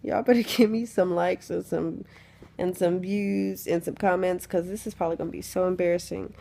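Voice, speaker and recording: A woman's voice: on the low side, fairly even intonation, normal speed, gravelly, mellow. A young woman, sick with the flu and lying in bed, telling a candid, chatty story into her phone, swearing freely. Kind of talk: casual storytime chat.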